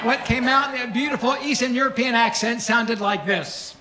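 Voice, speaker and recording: High-voiced middle-aged comedian. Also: male voice, moderate pace, very noisy. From Kentucky, USA. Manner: folksy, deadpan punchlines. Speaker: stand-up comedian. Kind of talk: stand-up comedy storytelling.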